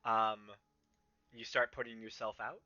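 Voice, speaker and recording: Halting man running a tabletop game. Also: fairly low pitch, flat delivery, bright, forceful tone. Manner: halting, many ums and restarts. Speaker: game master. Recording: slightly dull, muffled sound.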